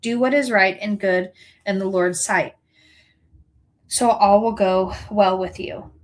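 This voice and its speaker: Woman reading scripture, earnest and steady. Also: medium pitch, low-quality recording. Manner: earnest, unhurried reading with small self-corrections. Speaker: scripture reader.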